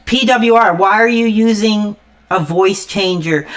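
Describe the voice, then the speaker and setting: A woman's voice: mid-range voice, measured pace. A woman live streamer in an angry, profane rant while gaming, stammering and cursing constantly. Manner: repeats "frickin'" constantly.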